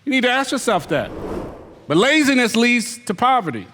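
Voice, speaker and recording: A man preaches a fiery sermon. His voice sits high, and it echoes through a large hall. He calls out the congregation directly and mocks their excuses. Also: sing-song, normal speed, sharp tone, a little hiss or hum. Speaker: pastor.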